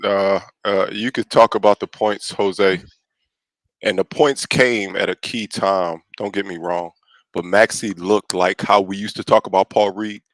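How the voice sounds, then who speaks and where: A man's voice: deep voice, fairly even intonation, measured pace, a bit bright, no echo. A man co-hosting a casual sports podcast, dejected and repeating himself. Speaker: podcast co-host.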